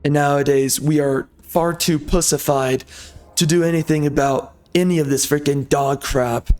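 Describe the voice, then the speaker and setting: A man's voice: a little high, fairly even intonation, normal speed, a little mellow. A man from the United States ranting angrily over gameplay, firing off rhetorical questions and minced swear words. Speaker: gameplay video host.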